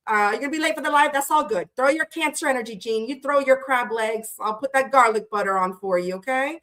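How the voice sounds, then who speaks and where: Tired woman doing a tarot live stream, kinda high voice, chatty and playful, says hi to everyone in chat, swears casually. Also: brisk, a bit bright. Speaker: tarot livestream host. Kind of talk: casual livestream chat greeting viewers.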